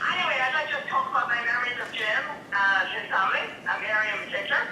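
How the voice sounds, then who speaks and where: A woman's voice: a little high, fast talker, bright, forceful tone, distant mic, a little hiss or hum. A woman in her fifties with an Irish accent, giving a chatty tribute as a dermatologist calling in, laughing between remarks. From Ireland. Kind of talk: tribute speech over speakerphone. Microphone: phone on speaker, far camera. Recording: echoey speakerphone heard from across a room.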